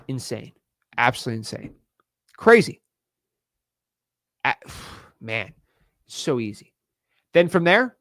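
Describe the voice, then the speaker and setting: A man coaching viewers in an energetic video lesson, fast, slangy and emphatic, repeating words for punch. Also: mid-range voice, no room sound, studio quality. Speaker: real estate wholesaling coach.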